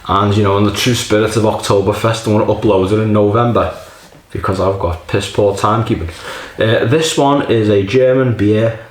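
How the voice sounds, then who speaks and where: A man's voice: fairly low pitch, steady tone, normal speed. Joking man in an echoey room. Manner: self-deprecating, jokey, rambling. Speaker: beer reviewer. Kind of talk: casual rambling review.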